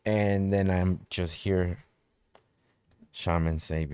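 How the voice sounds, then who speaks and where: A man's voice: sits low, a little slow, a little mellow, no room sound. A man telling a personal story in casual conversation, loose and profane, repeating phrases for emphasis.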